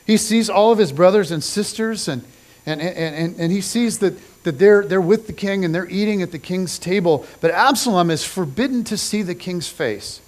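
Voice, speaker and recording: A middle-aged man preaching a sermon in a casual, conversational storytelling style, acting out the people in his story with lively slang. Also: high-pitched, normal speed. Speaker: pastor. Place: church stage.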